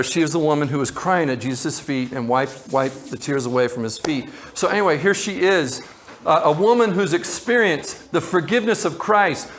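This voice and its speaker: A man's voice: on the high side, a bit bright. A man who is a pastor, preaching a sermon in a loose, conversational way with tangents and repeated words.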